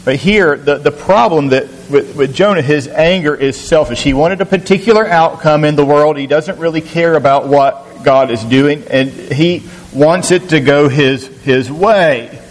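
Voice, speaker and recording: A man's voice: fairly high pitch, a little slow, hardly any pauses, long reverb tail, low-quality recording. A man teaching a recorded Bible lesson in an earnest, questioning way, often repeating words as he thinks.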